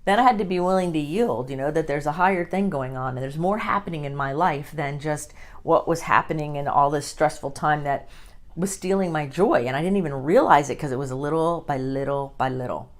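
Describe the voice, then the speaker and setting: A woman with a low voice hosts an inspirational podcast. She talks gently and encouragingly, and often slows down to stress a point. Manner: gentle, encouraging, slow and deliberate at times. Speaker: podcast host.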